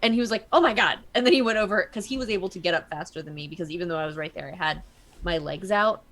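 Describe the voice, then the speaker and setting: A woman streaming a card game, chatting casually and telling stories in an animated way. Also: on the low side, racing. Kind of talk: casual chat while gaming.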